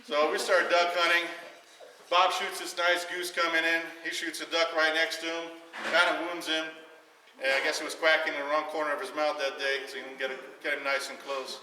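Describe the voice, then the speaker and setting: A man telling a long, animated story to a party audience, acting out the quoted voices and laughing often. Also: fairly high pitch, brisk. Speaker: guest speaker telling a story at a retirement party. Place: large echoey hall at a party. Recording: far-off echoey hall recording with faint noise.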